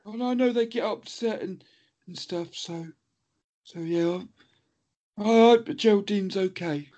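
A man with a very high but mellow voice trades absurd comic asides on a podcast. He draws his punchlines out slowly. The recording is dull and lo-fi. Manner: absurd interjections, drawn-out punchlines. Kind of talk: comic banter. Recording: dull lo-fi sound.

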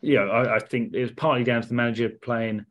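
A man talks football on a casual podcast, rambling and hesitant, often stopping to restart his sentences. His voice sits at an ordinary mid pitch. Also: fairly even intonation, fast, fairly bright tone, slight background noise. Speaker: podcast co-host.

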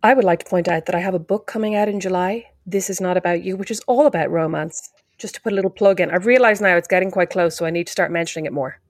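A woman's voice: fairly low pitch, quick pace. A woman co-hosting a podcast in casual chat, bantering in a wry, joking way. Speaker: podcast co-host.

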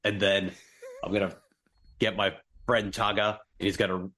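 A man's voice: lowish voice, level tone, moderate pace, bright, forceful tone, a little hiss or hum. A man doing a goofy impression of a famous Australian actor, bragging in a mock Australian accent. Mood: boastful. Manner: boastful, goofy bravado.

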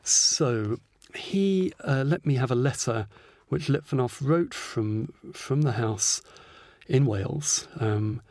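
A man's voice: mid-range voice, takes it slowly, a little mellow, no echo, clean studio sound. A man, an author interviewed as a guest, talking thoughtfully with many hesitations. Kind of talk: podcast interview.

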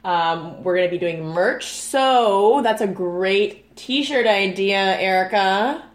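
A woman's voice: mid-range voice, slow pace. A woman co-hosting a podcast, chatting casually and laughing often, with lots of fillers. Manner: laughing, filler-heavy, relaxed. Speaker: podcast co-host. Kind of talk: casual chat. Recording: echoey room.

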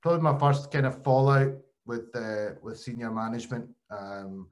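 A man hosts a relaxed podcast conversation. He tells stories animatedly, often restarting his sentences mid-thought. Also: mid-range voice, moderate pace. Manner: animated storyteller, frequent restarts. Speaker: podcast host and former cricketer. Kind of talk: casual chat, storytelling.

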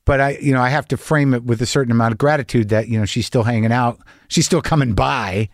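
A man's voice: mid-range voice, fairly even intonation, fast, dry recording, clean studio sound. A man hosting a podcast, talking in a rambling, profane, stop-and-start monologue. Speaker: podcast host. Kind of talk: casual monologue.

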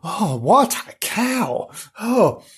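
A man's voice: high-pitched, big pitch swings, extremely slow, husky. A man reading a comic animal story aloud, breaking off into playful, giggly asides to the listener.

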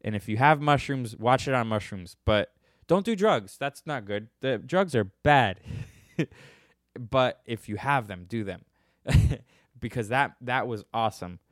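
A man's voice: medium pitch, unhurried, no room sound, clean studio sound. A young man hosting a podcast, answering listener questions in a casual, irreverent way and laughing at his own jokes.

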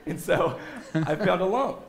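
A man's voice: high-pitched, animated, a little slow, reverberant, a little hiss or hum. A man giving an earnest church testimony to a congregation, often checking in with "right?". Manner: earnest, keeps asking "right?". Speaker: guest speaker giving a testimony. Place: church sanctuary.

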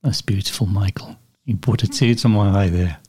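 A man hosting an interview over a video call, asking questions slowly and softly. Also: on the low side. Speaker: podcast host.

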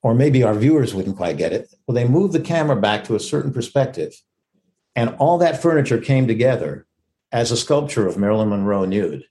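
Gravelly older man musing on his craft. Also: mid-range voice, lively intonation, fairly quick, dark tone. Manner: reflective, emphatic, acts out quoted lines. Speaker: actor and interview guest. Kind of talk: conversational interview.

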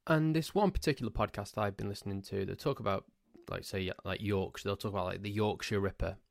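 English guy from cheshire ranting on his podcast, lowish voice, dry close sound. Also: fast talker, gravelly, no room sound. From Cheshire, England. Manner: rambling, pedantic, ranting asides. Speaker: podcast host. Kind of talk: casual solo podcast monologue.

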